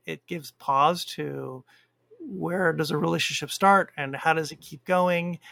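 A man's voice: fairly high pitch, a little slow, gravelly, fairly bright tone, no room sound. A man in casual chat about a TV series, speaking thoughtfully and reflectively, often restarting his sentences.

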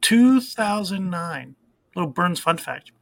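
Bright, gravelly man sharing trivia. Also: high-pitched, expressive, slow pace. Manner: reads fun facts, trails off in fillers. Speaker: podcast co-host. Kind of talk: casual chat.

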